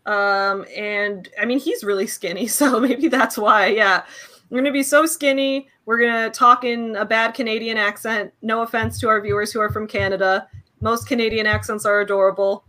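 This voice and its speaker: A young woman co-hosting a casual podcast, chatty and quick to laugh, with lots of fillers. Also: mid-range voice, fairly even intonation, sharp tone. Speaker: co-host.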